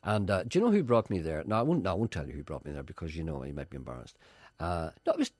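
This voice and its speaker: A man's voice: low voice, very fast, no echo. A middle-aged man, a radio presenter chatting comically and slipping into mock voices. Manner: animated, slips into mock voices.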